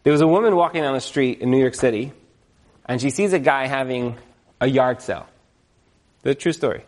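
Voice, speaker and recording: A man speaking to an audience, telling a story in a chatty, animated way with lots of fillers and repeated words. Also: medium pitch, brisk. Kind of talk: lively storytelling talk.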